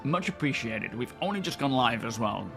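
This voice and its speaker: Thirties man, mid-pitched, easygoing chat-reading streamer, faint music behind. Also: expressive, normal speed, gravelly. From England. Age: 30s. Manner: chatty, greets viewers by name, friendly banter. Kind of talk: casual live-stream chat.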